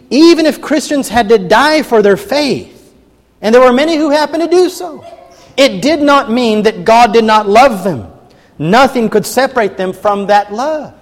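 A man's voice: sits high, long reverb tail. A man preaching a sermon, reading scripture aloud with emphatic rising and falling delivery.

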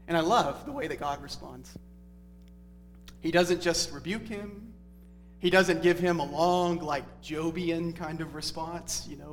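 A man's voice: fairly high pitch, measured pace, a bit bright. A man preaching an expository Bible sermon in a conversational, earnest teaching tone. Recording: reverberant hall with faint music.

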